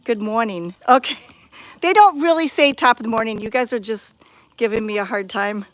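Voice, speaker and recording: A woman's voice: on the high side, moderate pace, no echo. A woman vlogging on a phone camera outdoors at a cat sanctuary, chatting in a bubbly, enthusiastic way. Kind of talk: casual walking vlog. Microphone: handheld phone camera.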